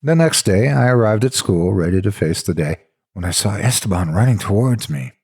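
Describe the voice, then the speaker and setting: A man's voice: on the low side, lively intonation, brisk, a little mellow, husky. A man narrating a horror story in the first person, with a dramatic, intense delivery.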